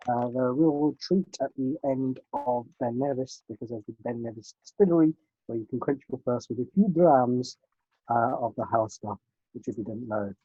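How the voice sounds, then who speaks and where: A man's voice: mid-range voice, normal speed, dark tone, slightly rough, no echo, lo-fi sound. A man co-hosting a casual car podcast, reading out listener emails with frequent hesitant fillers. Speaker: podcast co-host.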